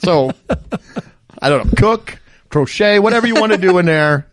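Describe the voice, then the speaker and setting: A man's voice: sits high, animated, normal speed, no echo. A man hosting a casual podcast chat, reading out strange laws and laughing often as he explains them. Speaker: podcast host.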